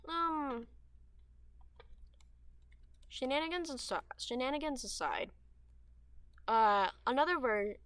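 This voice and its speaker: A teenage girl gaming streamer, her female voice mid-range and a bit bright, chats aimlessly while playing with no room sound. Her throat is dry and sore, and lip smacks land between meandering, filler-heavy sentences that keep restarting and trailing off.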